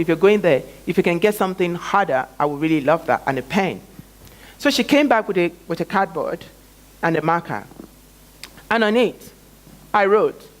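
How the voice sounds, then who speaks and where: A man giving a talk as a guest speaker, telling a personal story with emphatic, dramatic pauses and big swings in pitch and loudness. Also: rough recording.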